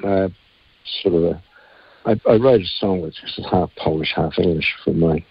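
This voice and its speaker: A man's voice: low-pitched, normal speed, breathy edge, no echo, muffled recording. A man, a singer-songwriter telling rambling, earthy stories in a casual radio interview.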